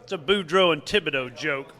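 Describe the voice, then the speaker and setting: A man's voice: a little high, fairly quick, sharp tone, big-room sound. A man from Louisiana, a podcast co-host, telling a joke casually and swearing freely. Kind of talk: casual chat.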